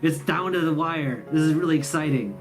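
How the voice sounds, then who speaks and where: A host from the Midwestern US tells a sarcastic, rambling, self-mocking comic story about the holidays as a comedic storytelling monologue. The voice is medium-pitched and brisk, with music playing in the background.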